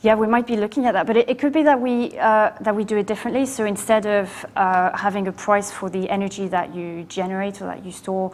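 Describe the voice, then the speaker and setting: A woman's voice: mid-range voice, steady tone, fairly quick, hardly any pauses, slight background noise. A woman speaking as a panelist, earnest, often repeating words as she starts. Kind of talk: panel discussion.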